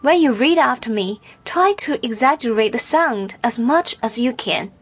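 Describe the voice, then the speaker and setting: A woman's voice: fairly high pitch, expressive, moderate pace, breathy edge, faint music behind. A woman teaching pronunciation in a scripted language lesson, modeling sounds with careful, exaggerated drills.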